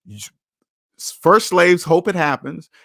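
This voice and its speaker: A man's voice: fairly high pitch, a little slow, gravelly, a bit bright, no room sound, clean studio sound. Blunt, preachy man hosting a money stream. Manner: blunt, preachy, repeats key phrases for emphasis. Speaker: personal finance channel host. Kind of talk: livestream talk answering chat.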